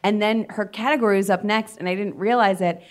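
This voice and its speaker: A woman's voice: mid-range voice, steady tone, fairly quick. A woman chatting as a podcast guest, telling funny self-deprecating stories in front of a live audience. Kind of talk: casual podcast chat.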